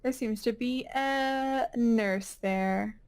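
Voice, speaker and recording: A woman's voice: on the high side, extremely slow, a little mellow. A woman narrating as game master of a tabletop game, casual and playful.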